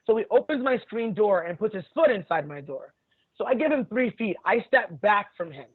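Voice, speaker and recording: A man's voice: high voice, expressive, normal speed, husky. A man who teaches jiu-jitsu, chatting as a podcast guest and telling stories in a blunt, profane way, laughing often. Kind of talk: casual storytelling chat. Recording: tinny phone-like sound.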